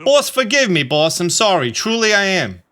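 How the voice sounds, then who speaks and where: A man's voice: sits high, big pitch swings, moderate pace, bright, forceful tone, pitched above the performer's own voice, exaggerated voice. A man voicing a sappy young male mob henchman in love, earnest and crooning. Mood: pleading.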